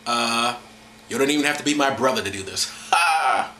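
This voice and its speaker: A man's voice: mid-range voice, lively intonation, moderate pace, bright, forceful tone, reverberant, slight background noise. A man hosting a casual, irreverent talk, rambling, laughing and mocking as he goes. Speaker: host.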